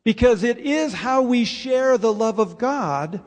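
Male pastor, high-pitched, unhurried earnest sermon delivery, reverberant church hall. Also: lively intonation. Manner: earnest, explanatory preaching with pauses. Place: church sanctuary.

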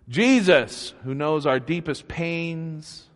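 A man preaches in a relaxed, conversational sermon, unhurried and earnest, now and then rising to emphatic peaks. His voice sits at an ordinary middle pitch. It rings out with the long reverb of a church hall. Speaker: pastor.

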